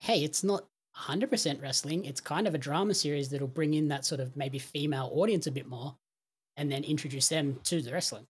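Husky-voiced man, calm podcast guest. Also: a little high, fairly quick. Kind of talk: casual podcast chat.

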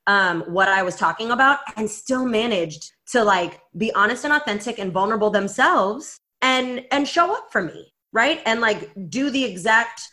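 A woman podcast co-host telling a story in casual chat, animated and full of "like" fillers, acting out the voices she quotes. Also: on the high side, normal speed, few pauses.

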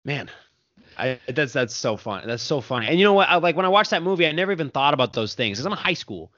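Talking fast in a very animated voice on the high side with a fairly bright tone, a male podcast host rambles through his interview questions. He fills them with fillers and laughs often. The sound is dry, dull, and lo-fi, with no echo.

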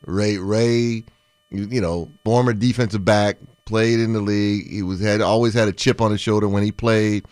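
A former pro football player co-hosts a sports talk show in a steady, conversational way. His voice sits fairly low, and the recording is dry and close. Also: moderate pace, dry recording.

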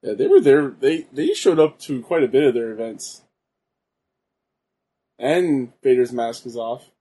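A man's voice: mid-range voice, big pitch swings, a little slow, dark tone, breathy edge. A laid-back young man chatting casually while playing a wrestling game. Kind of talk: casual chat over gameplay.

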